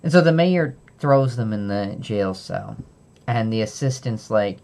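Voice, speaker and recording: A man's voice: fairly low pitch, unhurried, vocal fry, darkish tone. A young man casually retelling a book's story off the cuff, with fillers and self-corrections. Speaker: book reviewer. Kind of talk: unscripted book summary.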